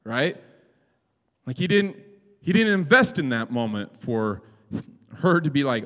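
A man preaches a sermon in a relaxed, conversational way, often tagging his points with "right?" to the congregation. His voice sits a little high for a man. A long hall reverb trails after his words. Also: unhurried, long pauses. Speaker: pastor.

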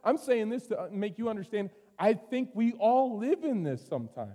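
A man preaching a sermon as pastor, earnest, moving from loud urging to quiet, intimate passages. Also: high-pitched, big pitch swings, normal speed. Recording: long reverb of a hall.

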